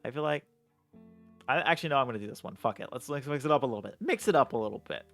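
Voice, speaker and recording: A male streamer playing a game live, reading the text aloud and muttering and swearing as he thinks out loud. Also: medium pitch, lively intonation, racing, no room sound, faint music behind.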